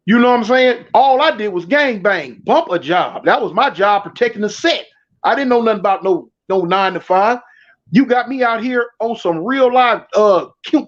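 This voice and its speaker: A man telling a story in casual street slang, acting out the other people's voices as he goes. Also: a bit bright. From Southern California. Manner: street slang, acts out voices of others with big pitch jumps. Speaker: storyteller guest. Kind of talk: animated storytelling. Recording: dull lo-fi sound.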